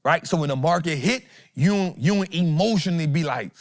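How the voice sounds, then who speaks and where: Man host, fired-up motivational trading talk, voice a bit high, dry close sound. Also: fairly quick, hardly any pauses, no room sound. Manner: animated, preachy, swings loud and soft, acts out quotes.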